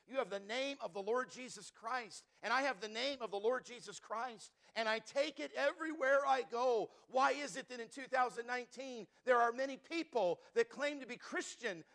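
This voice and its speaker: A man's voice: very high voice, fairly bright tone. A male pastor preaching a sermon, emphatic and repeating key words for stress, calling on the congregation to answer back.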